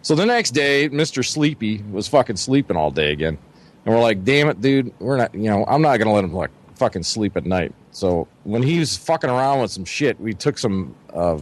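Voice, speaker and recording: A man telling a long camping story in a casual, profane, rambling way, often acting out his friends' voices. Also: fairly low pitch. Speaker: podcast co-host.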